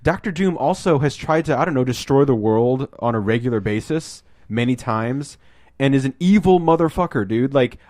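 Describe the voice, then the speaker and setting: A man hosting a casual podcast, talking about a film, rambling and swearing and acting out scenes in quick put-on voices. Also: medium pitch, expressive, a little mellow, dry recording, studio quality. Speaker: podcast host.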